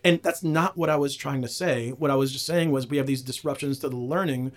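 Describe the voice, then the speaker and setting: A man's voice: mid-range voice, fairly quick. A man hosting a casual conversation, chatty and self-deprecating, with frequent fillers and restarts. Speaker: podcast host and teacher. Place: in the Gulf region.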